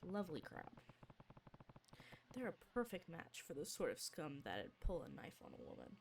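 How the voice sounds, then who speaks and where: A folksy older martial arts master who teases and praises his student, as a woman streamer reads him aloud. The lines jump in pitch, and the voice sits back from the mic. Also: very animated, normal speed, creaky, distant mic, background noise, heavily acted. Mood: teasing. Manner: folksy, teasing, proud. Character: gruff older male martial arts mentor.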